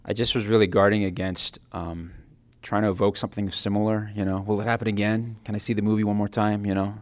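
A man giving a personal devotional talk, earnest and reflective, his phrases often trailing off softly. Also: lowish voice, little pitch movement, fast. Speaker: Christian speaker giving a Lenten reflection.

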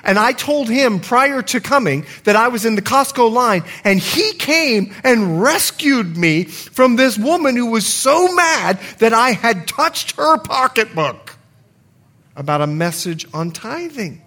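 High, lively-voiced male pastor. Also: a little slow. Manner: animated storytelling with acted-out quotes. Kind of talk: sermon.

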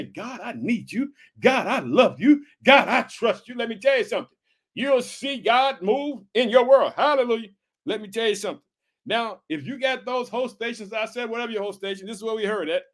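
A man from Illinois preaching an energetic podcast sermon, fervent and repetitive, calling out to his listeners again and again. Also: high-pitched, fairly quick. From Illinois, United States. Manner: fervent, repetitive calls of "guess what" and "hallelujah".

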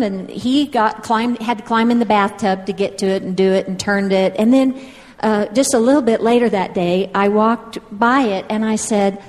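A woman's voice: medium pitch, moderate pace, darkish tone, long reverb tail. A woman telling a homespun story from the stage in a chatty, informal way.

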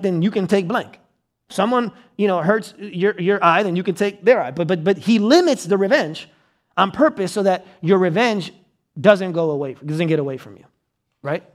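A young man preaching a sermon in a high, light voice, chatting with his congregation as he goes. He keeps asking them to follow along and checks they agree. Now and then he acts out a quote with a sudden loud cry. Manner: conversational, checks in with the audience. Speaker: pastor.

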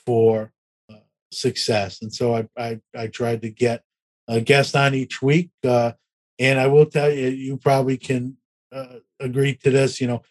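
A middle-aged man casually telling a story as an interview guest, rambling and self-deprecating, acting out quoted exchanges. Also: medium pitch. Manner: rambling, self-deprecating, with many restarts and fillers. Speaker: podcast host telling his story as a guest.

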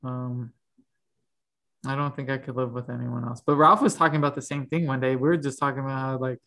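A man co-hosting a casual podcast, talking in a halting, hesitant way and laughing easily. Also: medium pitch, fairly even intonation, gravelly, pushed and bright. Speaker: podcast co-host. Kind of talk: casual chat.

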